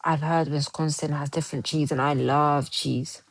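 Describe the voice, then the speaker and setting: A woman's voice: deep voice, steady tone, moderate pace, a little hiss or hum, low-quality recording. A woman chatting casually on a livestream, rambling and restarting her sentences as she answers viewer comments.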